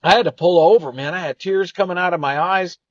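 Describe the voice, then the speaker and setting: A show co-host with a high-pitched voice talks fast, earnestly telling a personal story in a reflective, meandering, casual way. The lo-fi recording sounds dull and dry, with no room sound.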